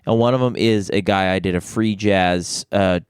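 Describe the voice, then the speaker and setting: A man's voice: deep voice, fairly even intonation, moderate pace, clear, resonant tone, no echo, clean studio sound. Man, podcast co-host, casual storytelling, rambling with restarts. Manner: rambling, many restarts and fillers.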